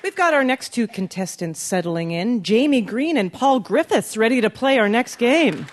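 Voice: medium pitch, animated, normal speed, crowd noise, background noise. A host of a live game show who introduces contestants and teases them with upbeat banter. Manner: upbeat, teasing banter with guests. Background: audience laughter.

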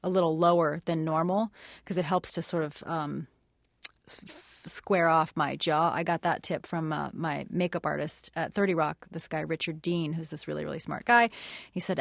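A woman's voice: low voice, fairly even intonation, normal speed, creaky, dry recording. Thoughtful woman in a dry interview. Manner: thoughtful, hesitant with many fillers, light laughs. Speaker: actress and guest. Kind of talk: radio interview.

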